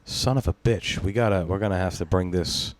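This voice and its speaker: Man, podcast host, very low voice, dry close sound, rambling, profane, laughs a lot. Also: a little fast, no echo. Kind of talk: casual chat.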